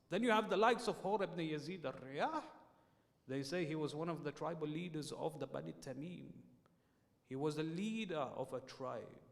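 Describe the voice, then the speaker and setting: A man preaching a sermon in a mosque, telling a story with sharp rises and drops. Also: a little high, vocal fry. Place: mosque hall. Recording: long reverb in a mosque hall.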